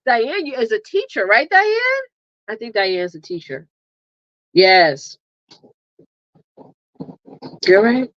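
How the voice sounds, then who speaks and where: A woman hosting a casual livestream, lively and chatty, laughing often and calling listeners honey and girl. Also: a little high, slow pace, pauses often, dry recording. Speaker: livestream host and marketing coach. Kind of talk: casual live chat. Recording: dull lo-fi, dry sound.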